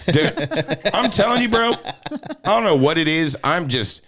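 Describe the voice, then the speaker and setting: A man's voice: a little high, a little slow. A male comedian guest in casual podcast chat, telling stories with lots of laughter and swearing. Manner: animated storyteller, laughs often; swears freely.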